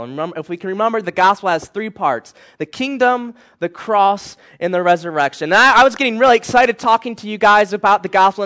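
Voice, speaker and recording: A tired young man preaching to a youth group, telling a personal story with animated swings between loud and hushed. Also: sits high.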